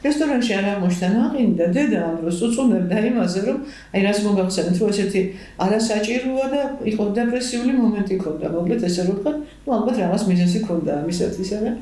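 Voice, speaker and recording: A woman hosting a TV talk show, quickly retelling her guest's story. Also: medium pitch, dark tone. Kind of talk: TV interview hosting. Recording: echoey studio.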